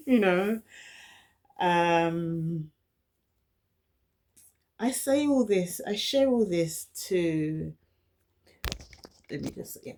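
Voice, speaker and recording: A woman's voice: fairly low pitch, animated, slow, long pauses, mellow. Earnest London woman who stutters. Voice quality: stutters, with frequent repeated words and restarts. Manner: candid, earnest and encouraging, with light laughs. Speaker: vlogger. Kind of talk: personal reflective talk to camera.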